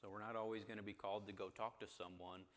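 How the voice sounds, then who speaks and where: Deep-voiced man teaching a church group. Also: little pitch movement, fast talker, long reverb tail. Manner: conversational, asks the group questions. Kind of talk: interactive Bible class talk.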